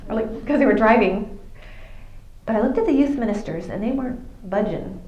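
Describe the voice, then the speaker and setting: A woman's voice: mid-range voice, expressive, brisk, dark tone, slight background noise. A middle-aged woman, telling a faith story to a youth audience and acting out the dialogue. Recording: echoey room.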